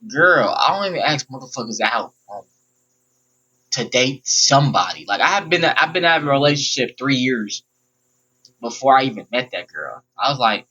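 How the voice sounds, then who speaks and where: A man's voice: mid-range voice, big pitch swings, a little fast, pushed and bright, breathy edge, dull audio. A young man rambling bluntly and profanely through a personal storytime vlog. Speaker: vlogger. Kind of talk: casual storytime monologue.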